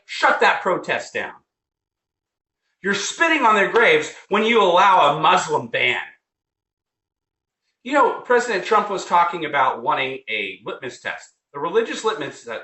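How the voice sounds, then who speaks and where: A man's voice: on the high side, pushed and bright. Fired-up profane man ranting. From United States. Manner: heated, profane, repeats himself. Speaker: vlogger. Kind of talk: angry political rant. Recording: roomy echo.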